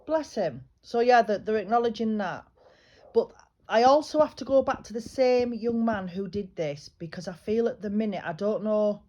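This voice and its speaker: A woman with a mellow, warm tone gives a private psychic reading. She talks in a chatty, reassuring way and often pauses and restarts her sentences. Her pitch sits in an ordinary middle range. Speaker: psychic medium. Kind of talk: private spiritual reading, casual chat.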